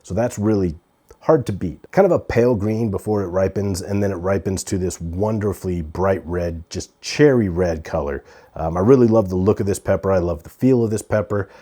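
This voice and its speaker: Man, deep voice, warm mellow tone, casual garden vlog, relaxed chatty delivery. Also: brisk. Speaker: pepper grower and reviewer. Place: outdoors in a garden on a hot day.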